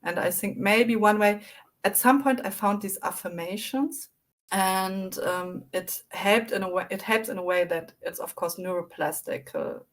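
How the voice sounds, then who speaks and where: A woman guest in a casual interview, reflective and animated as she tells her recovery story. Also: mid-range voice, measured pace.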